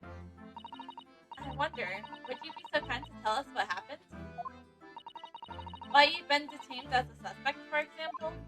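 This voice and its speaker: A woman's voice: high voice, unhurried, pauses often, over music. Woman voicing a polite, hesitant young lawyer.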